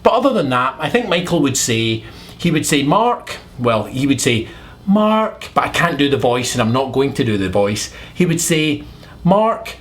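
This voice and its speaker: A man from Scotland with a Scottish accent, giving a deadpan, mock-sincere comic monologue full of rambling asides. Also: medium pitch, fairly quick. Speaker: comedy vlogger.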